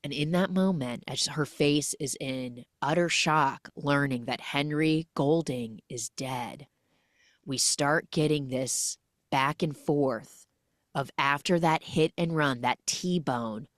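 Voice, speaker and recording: Animated woman recapping a film. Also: low-pitched, takes it slowly, no echo, studio quality. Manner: animated, jokey, lots of 'like'. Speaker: podcast host.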